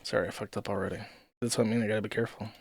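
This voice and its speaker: A man's voice: on the low side, flat delivery, rapid-fire, breathy edge, no echo. A man hosting a live stream, giving casual, rambling and profane commentary into a close microphone. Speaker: streamer host.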